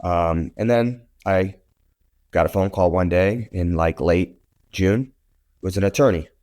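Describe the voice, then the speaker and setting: A man in his thirties, a guest on an interview show, telling his story in a blunt, animated way and swearing now and then. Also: low-pitched, measured pace. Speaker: podcast guest, real estate photographer.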